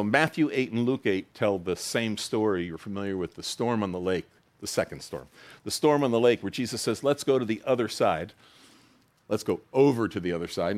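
A man preaching a sermon in a conversational, expressive way, rising high for quoted lines and dropping low for emphasis. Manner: conversational, with asides and laughs. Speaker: pastor.

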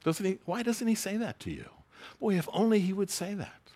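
A man's voice: high voice, big pitch swings, fairly quick, dark tone. A man preaching a sermon in a conversational, joking way, reading scripture aloud to a congregation. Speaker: pastor.

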